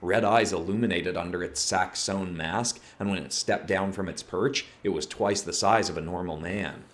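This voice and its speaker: A man reads a horror story aloud with a steady, measured narrator's delivery. His voice sits very low, deep and grounded. He keeps an even storytelling pace.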